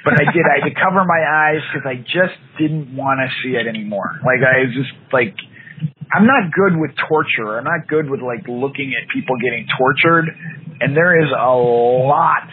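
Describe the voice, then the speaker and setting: A man's voice: mid-range voice, expressive, normal speed. A man co-hosting a podcast in casual chat, ranting with exasperation about TV shows and slipping into playful voiced quotes. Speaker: podcast co-host. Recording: tinny phone-like sound with faint noise.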